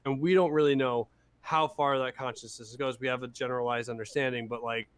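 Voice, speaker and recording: A man co-hosting a casual podcast, excitable and laid-back with a drawling surfer-like manner. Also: medium pitch, a little fast, clean tone. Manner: excitable, laid-back, says he sounds like a stoner. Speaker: podcast co-host. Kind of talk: casual chat.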